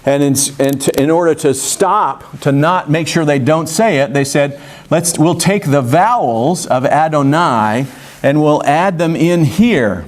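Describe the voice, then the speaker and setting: A man's voice: a little high, measured pace. Man teaching a church Bible lesson. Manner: explanatory, conversational with many fillers and restarts. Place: church classroom.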